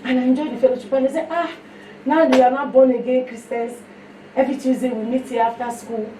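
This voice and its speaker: A woman with a Nigerian accent giving a sermon mixed with her own testimony, telling stories in an animated way. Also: sits high, fast talker. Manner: storytelling, animated, breaks into song. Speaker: fellowship speaker. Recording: echoey room, mic heard from a distance, faint noise.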